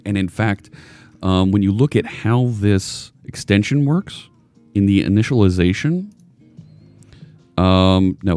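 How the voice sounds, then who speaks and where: An American man with a somewhat low, slightly mellow voice hosts a casual live coding stream. He rambles, chats loosely, and cracks jokes with viewers while he works.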